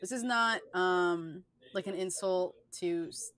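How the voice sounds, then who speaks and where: A woman's voice: on the low side, slow pace, fairly bright tone. A young woman co-hosting a podcast, talking in a rambling way with many filler words. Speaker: podcast co-host. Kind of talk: casual chat.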